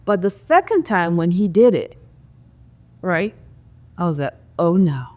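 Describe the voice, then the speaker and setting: A woman's voice: lowish voice, very animated, a little slow, darkish tone. A woman hosting a podcast interview, talking casually with lots of "like" and "you know" fillers, encouraging her listeners. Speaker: podcast host.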